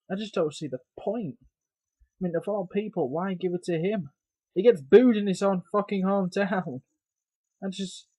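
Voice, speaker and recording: A frustrated man vents in a fed-up, cursing rant, sighing heavily as he goes. His voice sits a little high for a man. It is recorded close and dry, with almost no room sound. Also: dry recording. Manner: exasperated, sighing, profane; loud and emphatic at first, then grumbling and lower. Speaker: wrestling reviewer. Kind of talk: ranting video review.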